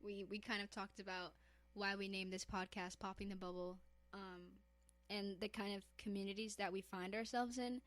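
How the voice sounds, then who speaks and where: A woman chats casually as a podcast co-host, playful and quick to tease. Her voice sits at a middle pitch. The room is dry, with no echo. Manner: teasing, animated, laughs often. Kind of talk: casual chat.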